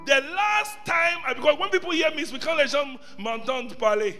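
A middle-aged man from Ghana, preaching a sermon as a bishop, emphatic and repetitive, moving between loud exclamations and quiet asides. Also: very high-pitched, moderate pace. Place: church service hall. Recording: long reverb of a large hall, faint music.

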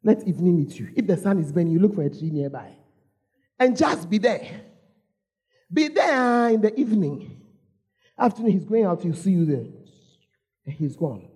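A woman's voice: fairly low pitch, sing-song, normal speed, long pauses, mellow, breathy edge. A woman with a Ghanaian English accent preaching a storytelling sermon, calling out to the congregation and repeating her phrases.

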